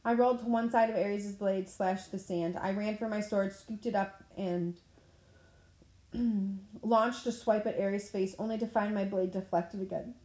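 A woman reading a novel aloud in a plain manner, now and then clearing her throat. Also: medium pitch, fairly even intonation, a little slow, a little mellow. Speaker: audiobook reader. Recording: echoey room.

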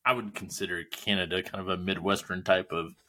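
A man's voice: deep voice, steady tone, a little fast, pushed and bright. A man co-hosting a podcast, rambling through stories in easygoing casual chat. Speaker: podcast co-host.

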